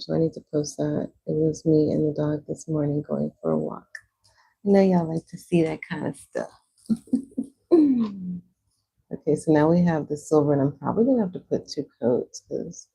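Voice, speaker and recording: A woman's voice: low-pitched, vocal fry, mellow, slightly rough, rough recording. A young woman livestreaming, chatting casually while she paints, rambling with lots of "like" fillers.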